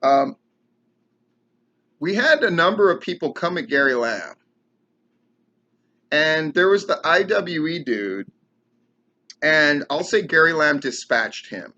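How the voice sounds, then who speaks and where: A man's voice: a little high, very animated, takes it slowly, long pauses, sharp tone, muffled recording. A man hosting his own commentary show, ranting heatedly and sarcastically with lots of swearing. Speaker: podcast host and wrestling commentator. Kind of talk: profane rant commentary.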